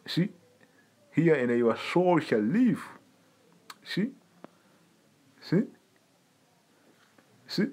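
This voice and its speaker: A preacher delivers a loose, streetwise sermon in a husky voice whose pitch swings lively up and down. He speaks very slowly with long pauses, emphatically repeating his points and calling the listener "man" throughout this informal teaching.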